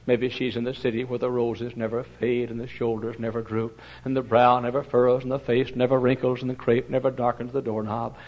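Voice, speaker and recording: Give me a folksy preacher telling stories from the pulpit. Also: male voice, mid-range voice, fairly quick, few pauses, highs cut off. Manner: folksy, animated, with fillers and sudden loud bursts. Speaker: pastor. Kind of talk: storytelling sermon.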